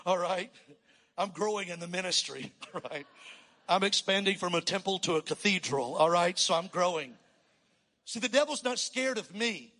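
A pastor preaching a sermon to a church crowd, rising to loud emphatic calls and getting the crowd to respond. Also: male voice, high voice, long reverb tail. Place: large church.

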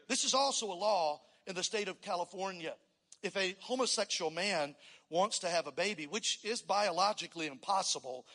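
Brief: energetic male preacher, high ringing voice, sermon in a big echoing sanctuary. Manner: energetic, calls for congregational response. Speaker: pastor. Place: church sanctuary. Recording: long reverb in a church hall.

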